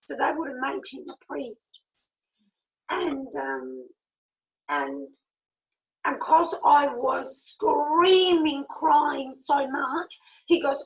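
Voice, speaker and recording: A middle-aged woman tells a personal story with lively energy, acting out both sides of the conversation. Her voice sits high. A gravelly fry runs through it. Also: drawn-out words, pauses often, low-quality recording. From Italy. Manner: animated, acts out quoted dialogue, laughs often. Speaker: speaker.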